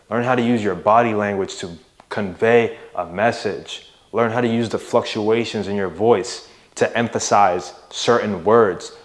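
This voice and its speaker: Young adult man, fairly low voice, motivational coach, casual monologue, emphatic stresses, rising and falling delivery. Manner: emphatic, varies loudness and pitch for emphasis, casual with "bro" and "right?". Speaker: mindset and fitness coach.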